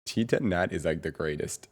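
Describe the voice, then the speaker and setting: A young man streaming from home, chatting casually in a rambling, halting way with lots of ums and laughs. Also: deep voice. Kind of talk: casual chat reading chat.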